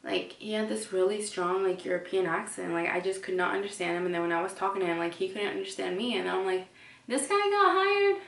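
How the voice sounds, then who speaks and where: A woman vlogger rants straight to the camera, blunt and chatty, with "like" in every breath. Her voice has a gravelly fry, and the room rings with echo. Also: on the low side, flat delivery, fast, hardly any pauses, recorded from a distance. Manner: chatty, heavy use of "like", blunt and indignant. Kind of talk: casual ranting to camera.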